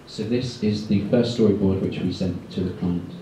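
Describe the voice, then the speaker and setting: A man giving a guest talk to art students, talking quickly and loosely with many ums. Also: lowish voice, dark tone. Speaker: guest speaker at an art school. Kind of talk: presentation to students. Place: lecture room. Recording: echoey room, far from the mic, faint noise.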